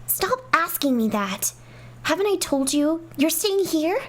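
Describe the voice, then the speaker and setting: Woman dubbing a high-voiced, possessive princess girl, commanding, shrill when pushed. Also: sing-song, a little slow. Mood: imperious. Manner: commanding, rising to shrill outbursts. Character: haughty possessive young princess girl, temperamental. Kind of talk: fan dub of game dialogue.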